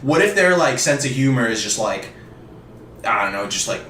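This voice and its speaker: A young man talks in animated, laughing banter, his pitch leaping up and down. He sits a little back from the mic. The room is echoey, with faint noise behind him. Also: moderate pace, far from the mic. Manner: laughing, animated, swings into loud put-on voices. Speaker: podcast co-host. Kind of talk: casual banter.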